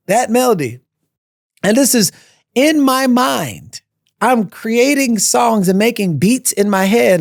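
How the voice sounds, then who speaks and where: A man speaks as a podcast guest, telling his own story with animated repetition of key phrases. His voice has a gravelly, fry-edged texture. The sound is dry and close, with no room echo. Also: high-pitched. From United States. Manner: animated, repeats phrases for emphasis. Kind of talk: personal storytelling in a conversation.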